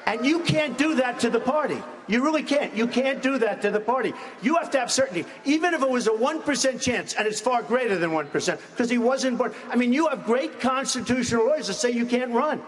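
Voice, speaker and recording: An older man answers as a candidate in a live presidential debate, using blunt, repetitive, emphatic phrasing. His voice is very high-pitched with lively intonation, fairly quick and hardly pausing. The broadcast audio comes from a large, reverberant debate hall with an audience crowd.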